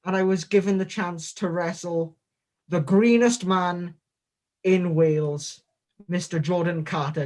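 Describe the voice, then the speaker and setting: A man, a guest on a comedic in-character interview, rambling through absurd jokes in a deadpan way. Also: high voice, a little slow.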